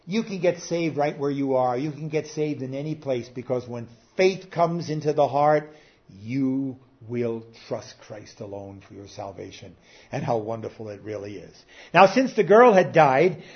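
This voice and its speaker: A man's voice: medium pitch, normal speed. Older male pastor preaching emphatically. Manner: emphatic, swings from soft to loud. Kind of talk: sermon. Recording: dull lo-fi sound.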